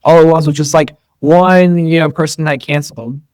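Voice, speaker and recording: A man's voice: fairly high pitch, steady tone, moderate pace, a little mellow, clear, resonant tone, no room sound. A man being interviewed as a guest, talking casually and rambling, with lots of fillers and restarts. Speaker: guest entrepreneur.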